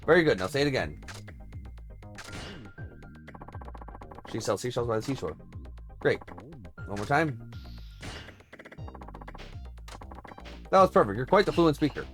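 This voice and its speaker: A man reading game dialogue aloud as a pushy, upbeat language-school instructor, with bright, overly polite salesy delivery. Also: medium pitch, very animated, quick pace, soft background music, lightly acted. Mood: encouraging.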